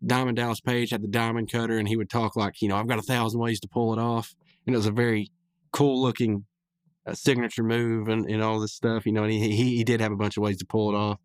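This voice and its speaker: A man's voice: fairly low pitch, level tone, fast talker, clear, resonant tone, no echo. A male podcast host rambling casually through a recap of a cartoon episode, with lots of restarts. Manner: rambling, with many restarts and fillers.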